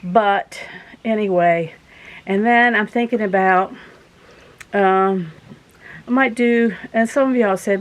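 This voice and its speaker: A woman's voice: mid-range voice, moderate pace, poor audio. A woman, chatting casually to her viewers in a folksy, rambling, earnest way. She is out of breath after walking in from her garden outdoors. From southern United States. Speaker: vlogger host.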